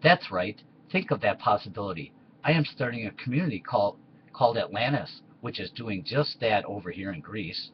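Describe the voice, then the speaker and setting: An idealistic, persuasive philosopher, as a man reads him. The pitch is low. The recording is muffled, with faint hiss. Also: expressive, moderate pace, natural voice. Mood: earnest.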